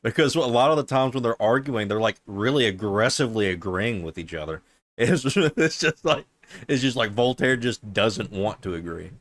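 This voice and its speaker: A man's voice: medium pitch, animated, moderate pace, dry recording. A young man joking around in a voice chat, laughing between his points. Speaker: voice chat participant. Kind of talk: casual chat in a voice chat.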